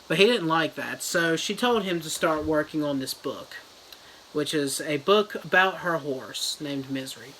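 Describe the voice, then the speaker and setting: A reviewer retelling a novel as a crude, rambling comedy summary with deadpan jokes. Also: mid-range voice, a little slow, a little hiss or hum, low-quality recording. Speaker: book reviewer.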